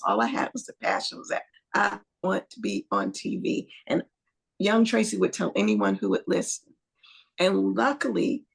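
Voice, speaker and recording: Gravelly husky woman from Ohio. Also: mid-range voice. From East Cleveland, Ohio. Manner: thoughtful, storytelling, speaks of her younger self. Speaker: guest filmmaker. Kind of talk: reflective interview answer.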